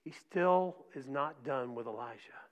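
A middle-aged man preaching a sermon in a conversational way, often asking "right?" and dropping his voice to a soft hush for emphasis. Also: mid-range voice, unhurried. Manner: conversational preaching with frequent "right?" and repeated words; drops to soft near-whispers for emphasis. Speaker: pastor. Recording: dull lo-fi recording.

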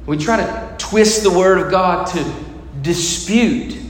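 A man serving as a pastor preaches a sermon, dramatically telling stories and acting out the voices of the people in them. His voice sits high and he takes it slowly. The recording has an echoey hall and faint noise.

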